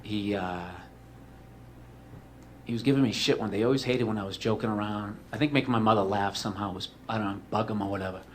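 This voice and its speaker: A man's voice: on the low side, fast, a little hiss or hum. A man telling a comedic personal story in a rambling, profane way, full of "like" and "you know".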